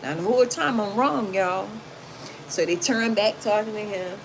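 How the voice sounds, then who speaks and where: A woman hosting a livestream, reading chat comments and telling stories to her viewers in a loud, animated, casual way, calling them "y'all". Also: medium pitch, normal speed. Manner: animated, loud, talks straight to the audience and calls them y'all. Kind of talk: casual storytelling to a livestream audience. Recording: noisy home livestream.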